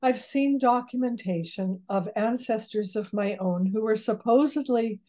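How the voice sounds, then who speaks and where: Brief: older woman, warm dark tone, easygoing storyteller in an interview. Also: fairly high pitch, measured pace. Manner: storytelling, chuckles at her own jokes. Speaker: genealogist guest. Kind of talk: conversational interview.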